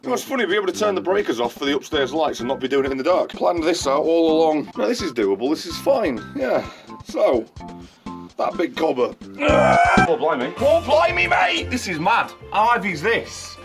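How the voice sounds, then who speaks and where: A man chatting and joking loudly while moving heavy furniture, swearing and exclaiming often, a little out of breath. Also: fairly high pitch, sing-song, normal speed, soft background music. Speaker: vlogger. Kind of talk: casual chat while doing heavy lifting.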